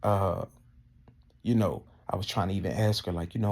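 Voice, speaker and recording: A man's voice: low-pitched, fairly even intonation, moderate pace, darkish tone, slightly rough. A man ranting heatedly and indignantly, full of profanity, his voice climbing as he gets worked up. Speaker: vlogger. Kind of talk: casual profane rant to camera.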